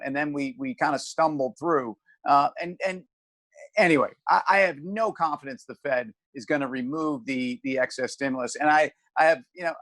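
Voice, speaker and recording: A man's voice: on the high side, fairly bright tone, no room sound. A man co-hosting a casual talk show about markets, rambling with many restarts and fillers. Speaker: podcast co-host.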